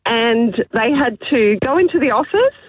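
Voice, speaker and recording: Chatty woman caller, husky. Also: fairly high pitch, expressive, moderate pace, no echo, narrow, tinny audio. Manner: chatty storyteller, laughs at her own story. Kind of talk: telling an anecdote on a phone-in.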